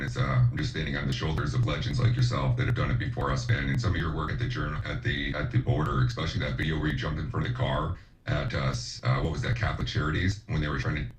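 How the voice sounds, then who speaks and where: A man being interviewed as a guest reporter, talking eagerly and often saying "man". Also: a bass voice. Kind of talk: interview conversation. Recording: roomy, distant sound with faint noise.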